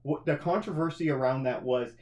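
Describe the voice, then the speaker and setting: A man's voice: mid-range voice, brisk, a little mellow, roomy sound, highs cut off. A man hosting a casual film review chat, prodding with questions, adding trivia and conceding points. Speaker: podcast host, film reviewer.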